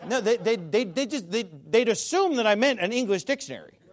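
A man with a high voice that swoops all over as he talks. He gives an emphatic, scornful monologue, repeating words as he pushes ahead, and breaks into loud shouts. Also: big pitch swings, brisk. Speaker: Bible commentator. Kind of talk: animated video monologue.

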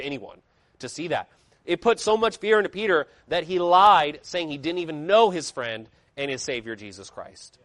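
A man's voice: high-pitched, no echo. A man preaching a sermon with emphatic, rising and falling intensity, reading scripture aloud in old-style wording.

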